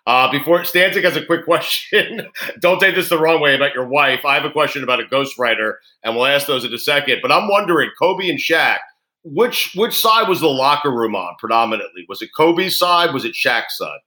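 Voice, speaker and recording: Bright-voiced man hosting an interview. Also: on the high side, lively intonation, a little fast. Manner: enthusiastic, laughs easily. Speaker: host. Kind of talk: casual interview.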